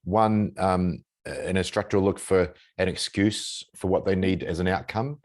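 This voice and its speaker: Deep-voiced middle-aged male host. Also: moderate pace. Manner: calm, reassuring, explains step by step. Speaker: podcast host. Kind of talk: casual interview chat.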